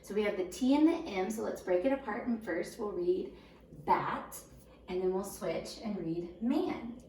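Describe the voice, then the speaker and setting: A woman teaching first graders a recorded home lesson, patient and slow, sounding words out syllable by syllable. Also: mid-range voice, dark tone, slight background noise. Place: home room. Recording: roomy echo, voice a bit far from the mic.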